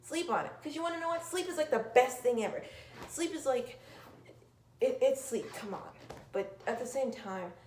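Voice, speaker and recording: A woman giving an earnest, emphatic motivational talk that swings from loud urging to soft, near-whispered lines. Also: sits high, normal speed, echoey room, slight background noise. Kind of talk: motivational monologue.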